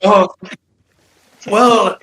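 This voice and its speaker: A man's voice: high voice, steady tone, extremely slow, pushed and bright, a little hiss or hum, voice pushed up, exaggerated voice, poor audio. A man playing a wheedling male pastor who poses as a grieving father, pleading and sugary in a raised voice.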